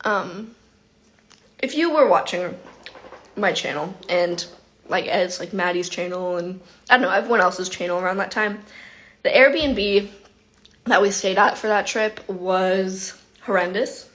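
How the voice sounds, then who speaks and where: A woman hosting a casual phone livestream, telling stories in an animated way and saying "like" and "literally" a lot. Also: medium pitch, a little slow. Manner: animated storytelling, heavy use of "like" and "literally". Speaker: vlogger hosting an Instagram live.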